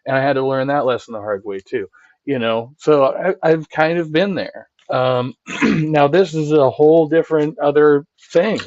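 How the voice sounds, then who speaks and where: On the high side with a darkish tone, a live-stream host talks at a moderate pace, recorded dry with the highs cut off. He rambles casually through chat, repeatedly asking "right?" while cursing and laughing.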